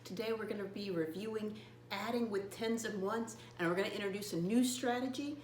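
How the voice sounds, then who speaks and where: A woman teacher talking a lesson for young children in an animated, sing-song way, slowing down to spell words letter by letter. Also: medium pitch, echoey room, slight background noise.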